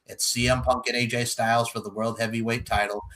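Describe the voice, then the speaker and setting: A man's voice: medium pitch, flat delivery, brisk, sharp tone. A man hosting a casual podcast chat, joking and swearing freely as he runs the show. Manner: profane, joking, breaks into mock voices. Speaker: podcast host.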